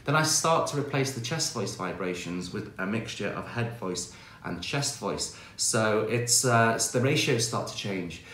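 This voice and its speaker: A man teaching singing, explaining exercises in a relaxed, chatty way full of fillers, speaking into a microphone in front of him. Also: on the low side. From England. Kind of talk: online singing lesson. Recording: echoey room with faint piano.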